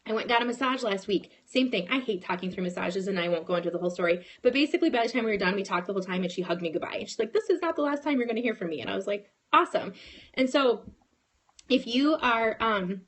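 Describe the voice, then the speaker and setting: A woman in her thirties talks to her sales team in a casual, motivational way. She tells a personal story with lively energy and often restarts her sentences. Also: mid-range voice, fast. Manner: animated, storytelling, frequent restarts. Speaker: network marketing team leader.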